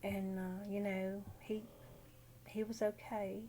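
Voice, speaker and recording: An older widowed grandmother telling a personal story in a halting, rambling way in a casual vlog. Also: mid-range voice, flat delivery, noisy background.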